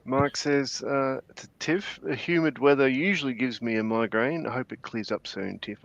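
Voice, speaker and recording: A man's voice: mid-range voice, normal speed, gravelly, few pauses, dry recording. A man co-hosts a casual livestream and reads viewer comments aloud. He jokes around as he reads. His voice comes through a dull, lo-fi line with a very dry sound. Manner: jokey, reads out chat messages. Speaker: co-host reading viewer comments.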